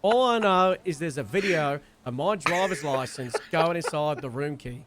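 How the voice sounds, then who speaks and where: A young man, telling a long story in casual chat, animated and swearing freely. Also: a little high, moderate pace, background noise. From Wales. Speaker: streamer.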